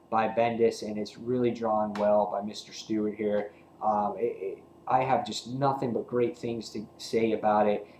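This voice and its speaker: A man casually reviewing a comic book, excited and rambling, with lots of fillers and restarts. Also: fairly low pitch, reverberant, a little hiss or hum, poor audio.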